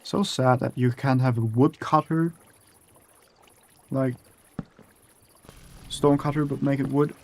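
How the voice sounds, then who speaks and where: A man's voice: medium pitch, steady tone, slow, pauses often, darkish tone. A young man giving casual, profane commentary while building in a video game, muttering to himself as he works. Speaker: gaming streamer.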